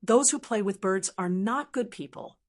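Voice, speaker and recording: A woman's voice: mid-range voice, normal speed, close to an everyday voice. A woman voicing a boastful, cowardly talking female blackbird in an audiobook, whiny and indignant, with squawking cries. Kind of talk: audiobook character voice.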